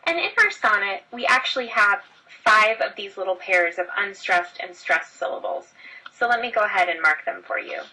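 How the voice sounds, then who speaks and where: A woman's voice: fairly low pitch, sharp tone, far from the mic, low-quality recording. A woman teacher explaining a lesson step by step, talking straight to her students. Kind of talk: screen-recorded lesson.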